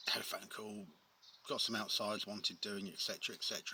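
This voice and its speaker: A tradesman with a fairly low voice tells a story in a rambling, chatty way, full of ums and wry asides. He talks outdoors, with loud background noise and birds chirping behind him. It sounds like a casual vlog. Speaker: painter and decorator.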